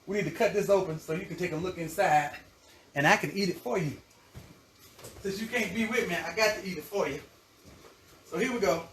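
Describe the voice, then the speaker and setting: A cooking-show host who gushes and chats nonstop with his viewers. His voice sits fairly high for a man. He is picked up from a distance in an echoey kitchen, with faint background noise. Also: fairly quick, pauses often, fairly bright tone. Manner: chatty and effusive, savoring food aloud. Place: home kitchen.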